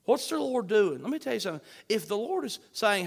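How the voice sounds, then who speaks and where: A man preaching a sermon, fervent, swinging between shouts and hushed pleading. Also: high-pitched, big pitch swings, fairly quick, gravelly, hardly any pauses. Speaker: pastor. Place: church sanctuary. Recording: long hall reverb.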